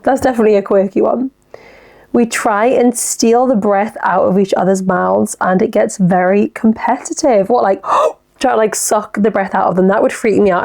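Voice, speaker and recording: Chatty young woman with gravelly fry. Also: medium pitch, darkish tone. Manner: chatty, giggly, reacts aloud to listener messages. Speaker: podcast host. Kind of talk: casual solo podcast chat.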